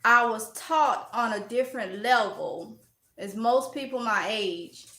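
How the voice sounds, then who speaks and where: A woman from Mississippi with a Mississippi accent, chatting loudly and outspokenly as a vlogger answering viewer comments. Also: fairly high pitch, slow. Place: at home while organizing. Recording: echoey room.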